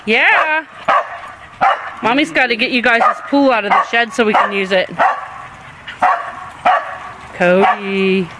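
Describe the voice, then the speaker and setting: A woman's voice: a little high, slow pace, pauses often, heavy background noise. A woman filming her dogs outdoors on a backyard deck with a handheld camcorder, doting and laughing as she talks to them. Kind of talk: casual home video chat.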